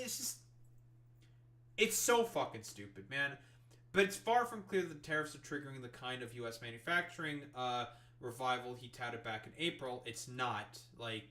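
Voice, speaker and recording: A man's voice: fairly high pitch, sharp tone. A streamer man in a profane political rant, reading news aloud and mocking it with exasperation. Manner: exasperated, swears constantly, reads articles aloud then mocks them.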